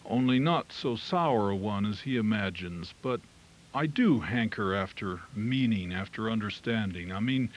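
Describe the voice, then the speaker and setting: A man's voice: fairly low pitch, breathy edge, poor audio. Reflective man lecturing an audience. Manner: reflective, personal musing. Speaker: lecturer and filmmaker.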